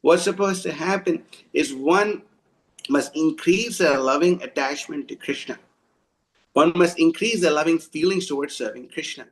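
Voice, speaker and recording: A man with a somewhat high voice gives an informal devotional talk. He speaks bluntly and scolds his listeners. He often stops and restarts his sentences. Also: normal speed, rough recording. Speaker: devotional preacher.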